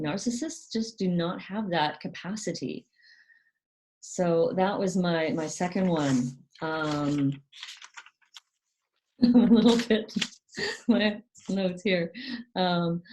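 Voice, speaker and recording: A woman hosting a casual educational talk, speaking softly with many ums and acting out quoted parents in a higher voice. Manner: soft-spoken, frequent ums, quotes parents in a higher, sharper voice. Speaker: channel host.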